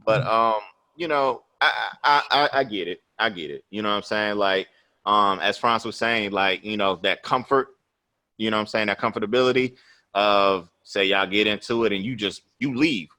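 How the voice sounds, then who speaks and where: A man's voice: on the low side, moderate pace, pushed and bright. A man in his thirties, a podcast host, telling a personal story in loose, profane chat and tagging his lines with "you know what I'm saying".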